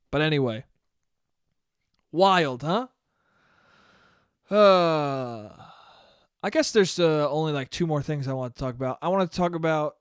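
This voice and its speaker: A man's voice: a little high, clean tone, dry recording, clean studio sound. A man hosting a solo podcast, telling stories in a casual, profane way and laughing often. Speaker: podcast host.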